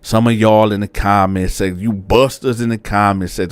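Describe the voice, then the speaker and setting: With a fairly low pitch and a clean tone, this host speaks at normal speed on a dry recording. He tells viewers a story in animated, slangy language, calling them y'all.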